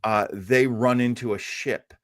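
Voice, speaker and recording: Speaking at a medium pitch in a steady, slightly slow way, this podcast co-host rambles and stumbles through a casual review show, full of fan excitement. The studio sound is clean with no echo.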